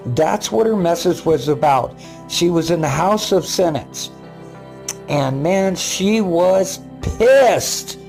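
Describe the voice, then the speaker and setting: A man's voice: on the high side, vocal fry, darkish tone, faint music behind. Rambling older man narrating his own footage. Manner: rambling and halting, with repeated words and many fillers. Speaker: paranormal video maker. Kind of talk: casual vlog commentary over his own footage.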